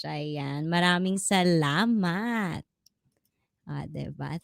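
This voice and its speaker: A woman's voice: fairly low pitch, slow, creaky, no room sound. A woman with a Filipino accent hosting a casual livestream chat, mixing English and Tagalog and laughing often. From Philippines. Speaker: host.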